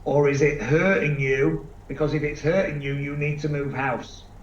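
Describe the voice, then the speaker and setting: A man giving an energetic seminar talk to a live audience, asking them questions and acting out quick voices. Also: on the high side. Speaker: seminar speaker. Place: large event room with live audience. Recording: echoey room, distant mic, dull sound, faint background noise.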